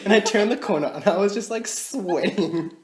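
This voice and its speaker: A man's voice: high-pitched, normal speed, a crowd in the background. A young man, co-hosting a podcast, telling funny stories with lots of laughter and acted-out dialogue. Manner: animated, laughs often, acts out quoted dialogue. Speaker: podcast co-host. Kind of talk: casual storytelling. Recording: echoey room with faint noise.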